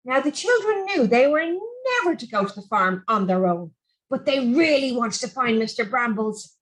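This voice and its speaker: Animated woman reading a children's story. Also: a little high, normal speed, poor audio. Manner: animated, expressive.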